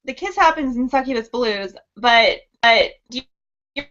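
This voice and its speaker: A woman's voice: on the high side, lively intonation, unhurried, a bit bright, dull audio. Chatty woman book blogger on a call. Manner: chatty, giggly, repeats her guest's words. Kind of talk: casual video chat.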